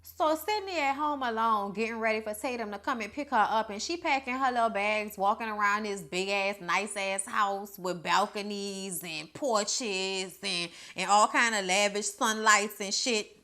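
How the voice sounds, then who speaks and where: A woman's voice: mid-range voice, normal speed, hardly any pauses, bright, forceful tone. A young woman recapping a horror movie in a casual, profane, sassy way, talking back to the characters. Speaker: movie reviewer.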